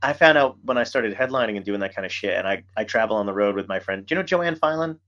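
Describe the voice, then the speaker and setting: A man hosting a podcast, telling stories in casual chat, animated and swearing freely. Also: on the low side, quick pace, lo-fi sound. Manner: animated storyteller, swears a lot. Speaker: podcast host.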